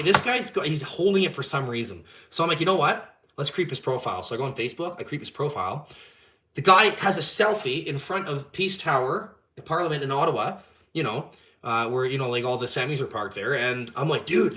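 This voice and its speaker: A young man, hosting a live stream and telling a story in casual, animated chat, swearing freely and acting out the dialogue. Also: medium pitch. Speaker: channel host.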